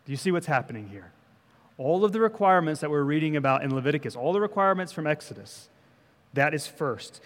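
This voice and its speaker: A man's voice: a little high, big pitch swings, fast talker, long reverb tail. A male pastor giving a conversational sermon, often checking in with the congregation. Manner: conversational preaching, frequent "okay?" check-ins. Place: church sanctuary.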